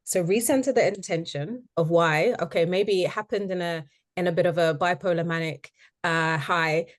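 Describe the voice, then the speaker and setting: Lady coach hosting the call, low calm voice, encouraging, measured. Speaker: host and writing coach. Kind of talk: coaching advice.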